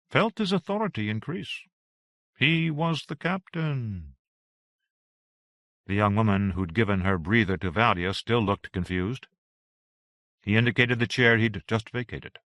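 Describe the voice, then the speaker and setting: This is scripted narration of a novel by a man working as an audiobook narrator, delivered in a measured, expressive way. His voice is on the low side, captured as clean studio sound with no room sound.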